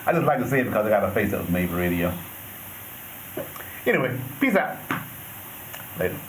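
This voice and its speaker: A man's voice: on the low side, very animated, brisk. A man vlogging casually from a resort balcony, joking and laughing in a laid-back way. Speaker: travel vlogger. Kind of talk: casual travel vlog chat. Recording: noisy outdoor ambience.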